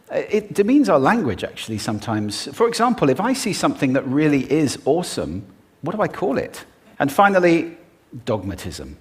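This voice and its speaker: Man giving a lively, animated talk. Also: fairly high pitch. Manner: animated, emphatic delivery with dramatic pauses. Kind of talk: prepared public talk.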